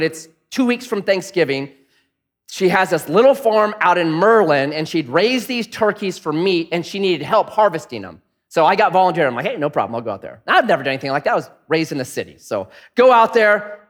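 A middle-aged man preaching a sermon, telling stories and swinging between punchy lines and hushed asides. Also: fairly high pitch. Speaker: pastor. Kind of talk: sermon with storytelling.

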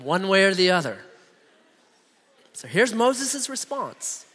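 A middle-aged man preaches with animated, humorous storytelling. His voice sits high and swings widely in pitch. A long hall reverb trails his words. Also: takes it slowly. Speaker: pastor. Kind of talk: sermon with personal storytelling.

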